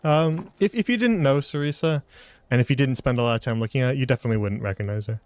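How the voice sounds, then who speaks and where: A man narrating as game master of a tabletop game, laid-back and quick to laugh. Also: smooth. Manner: laid-back, laughing often, lively pitch.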